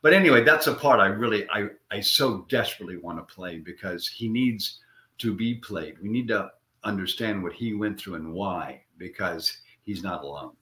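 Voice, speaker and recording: An older man, an actor, talks casually in a rambling way and repeats his words as he gathers his thoughts. His voice sits a little low but sounds bright and forceful. The room around him is echoey. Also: moderate pace. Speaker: actor guest. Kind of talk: casual interview.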